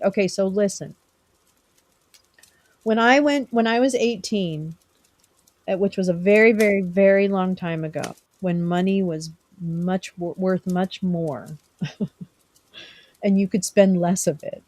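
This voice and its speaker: A woman's voice: medium pitch, unhurried, darkish tone. Chatty teasing woman streamer. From California. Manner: rambling, teasing, answering chat by name. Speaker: live stream host. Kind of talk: casual chat with viewers.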